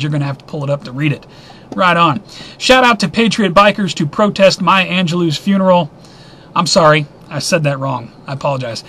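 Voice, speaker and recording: A man's voice: on the high side, sharp tone. A man hosting a weekly news roundup, reading headlines in a casual, offhand way with wry asides and stumbles over names.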